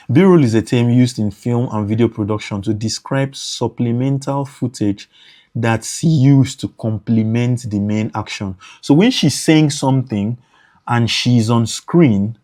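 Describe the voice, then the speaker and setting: A man's voice: mid-range voice, slow, warm tone. A man teaching motion design for editors in a screen-recorded tutorial, repeating points and thinking aloud as he works.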